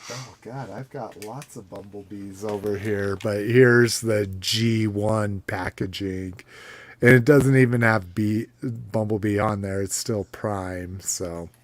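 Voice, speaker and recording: A man's voice: on the low side, steady tone, slow. A man hosting a casual podcast chat about toy collecting, rambling with fillers and restarts. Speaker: podcast host.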